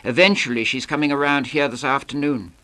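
A man voicing a smug young charmer who drawls slowly with great self-satisfaction. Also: mid-range voice, fairly even intonation, sharp tone, pitched above the performer's own voice, natural voice. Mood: drawling.

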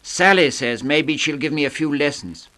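A man voicing a smug young charmer who drawls slowly with great self-satisfaction. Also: fairly high pitch, pushed and bright, voice pushed up. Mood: drawling.

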